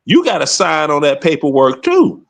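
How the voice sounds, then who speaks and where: A man on a live panel show, talking casually with lively, animated delivery and stammered starts. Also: a little high, moderate pace, vocal fry, over a noisy crowd.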